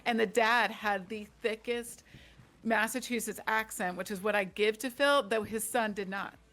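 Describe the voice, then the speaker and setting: A woman author in her forties talks in a loose, chatty way, a faint Delaware County accent still showing under her words. She laughs easily and keeps her sentences quick and rambling. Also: mid-range voice, fairly even intonation, a bit bright. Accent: faint Delco Philadelphia-area. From Delaware County, Pennsylvania. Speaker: guest author. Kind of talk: casual chat.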